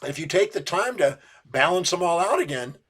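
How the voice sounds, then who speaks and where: A man with a somewhat high voice teaches as a self-help speaker. He talks emphatically and presses with questions, often repeating words as he tells a client's story. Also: expressive, moderate pace, fairly bright tone, slightly rough.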